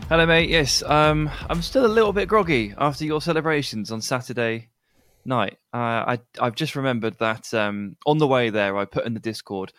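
A male co-host recounts a story on a casual podcast, animated and laughing easily. The sound is close and dry. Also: mid-range voice, normal speed, no echo. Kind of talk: casual football podcast chat.

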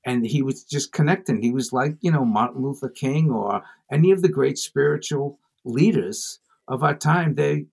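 A man with a husky, slightly rough voice spins an anecdote as a podcast guest. His delivery is animated and playful, and he jumps into other characters' voices as he tells it. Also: medium pitch, normal speed, few pauses. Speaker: comedian guest. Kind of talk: storytelling interview chat.

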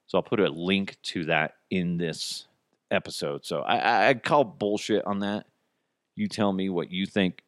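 A man hosting a comedy podcast, rambling through stories with quick asides. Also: sits low, fairly bright tone, dry recording, clean studio sound. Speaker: podcast host. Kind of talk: casual comedic chat.

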